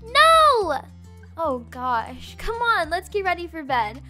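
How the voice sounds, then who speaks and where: A young woman narrating a game roleplay as a mom, animated and chatty, switching between baby talk and casual asides. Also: sits high, a little slow, soft background music. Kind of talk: playful game roleplay with live commentary.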